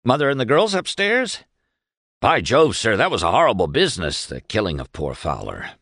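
A man's voice: on the low side, huge pitch swings, moderate pace, fairly bright tone, no room sound, studio quality, voice pushed up, exaggerated voice. A man voicing a pompous, overly cordial young male lawyer with stiff, formal, senatorial speech in an audiobook reading.

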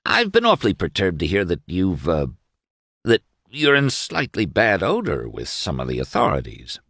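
A man's voice: sits low, huge pitch swings, normal speed, fairly bright tone, no echo, studio quality, exaggerated voice. A man voicing a pompous, overly cordial young male lawyer with stiff, formal, senatorial speech in an audiobook reading.

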